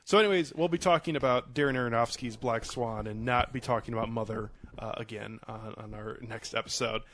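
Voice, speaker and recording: A man's voice: medium pitch, fairly quick, fairly bright tone, a little hiss or hum. A man hosting a casual film review podcast, laid-back and a little hesitant, with a lot of filler words. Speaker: podcast host.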